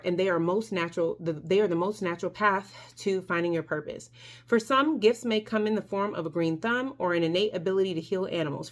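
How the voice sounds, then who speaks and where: A woman giving a casual tarot reading to her viewers, chatty and emphatic, with many fillers and restarts. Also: medium pitch. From Mexico. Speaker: tarot reader.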